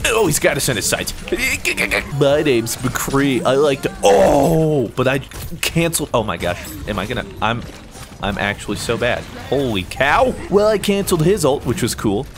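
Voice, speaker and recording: A young man giving playful, jokey commentary over his own gameplay, swinging between excited yelps and mock-serious asides. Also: mid-range voice, normal speed, music in the background. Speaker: gaming YouTuber.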